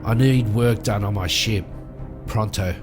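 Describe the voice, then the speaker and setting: Guy doing a gruff bounty hunter, short blunt orders, slow. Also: on the low side, over music, natural voice. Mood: brusque. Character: curt, tough male bounty hunter.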